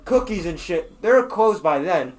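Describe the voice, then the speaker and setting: A young man co-hosting a casual podcast, talking in a slightly high voice. He rambles through a story, swearing often and stumbling over fillers and restarts. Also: animated, a little slow, darkish tone. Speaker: podcast co-host. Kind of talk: casual chat.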